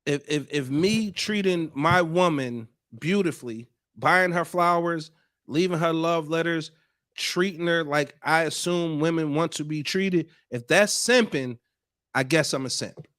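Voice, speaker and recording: A man hosting a podcast, talking in an animated, emphatic way and repeating points for effect. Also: a little high, measured pace, no echo, clean studio sound. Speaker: podcast host. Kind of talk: podcast commentary.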